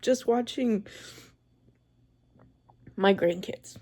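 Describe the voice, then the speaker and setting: A woman in her forties giving a tearful, halting vlog, crying as she talks. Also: medium pitch, a little mellow. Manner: tearful, halting, with many pauses and restarts. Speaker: vlogger. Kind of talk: emotional personal vlog.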